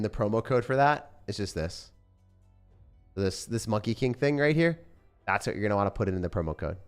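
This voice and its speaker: A young man streaming a game, chatting casually in a relaxed, rambling way with lots of fillers. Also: fairly low pitch, smooth. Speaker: gaming streamer. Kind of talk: casual sponsored stream chat.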